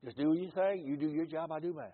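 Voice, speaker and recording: Older mississippi preacher man telling stories from the pulpit, husky voice, sounds like it's coming through a phone. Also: quick pace. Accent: Mississippi Southern. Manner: storytelling, rises loud then drops low. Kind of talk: folksy sermon testimony. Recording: tinny phone-like audio.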